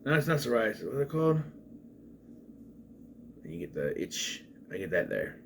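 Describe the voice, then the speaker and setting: A man's voice: medium pitch, very animated, normal speed, slight background noise. A man giving a casual, rambling spoken film review, with frequent restarts and asides. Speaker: movie reviewer.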